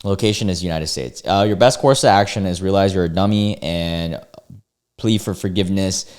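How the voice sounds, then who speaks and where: A man's voice: low voice, normal speed. A man hosting a casual reaction video, reading forum posts aloud and reacting with cursing, exclamations and disbelief. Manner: animated, swears freely, exclaims in disbelief. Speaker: YouTube reaction host.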